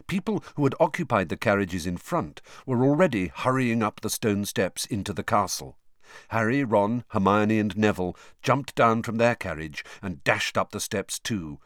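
Low voiced guy reading a story out loud, very expressive, dry sound. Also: no echo. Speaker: audiobook narrator. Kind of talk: storybook narration.

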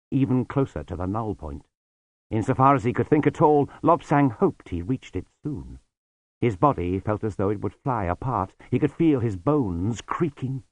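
A man narrating a story in a measured, expressive reading. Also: on the low side, no echo. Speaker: audiobook narrator. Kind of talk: scripted narration.

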